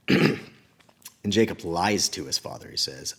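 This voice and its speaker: A man who teaches children at church, retelling a Bible story in a casual, animated way with chatty asides. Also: low voice, takes it slowly, vocal fry, breathy edge.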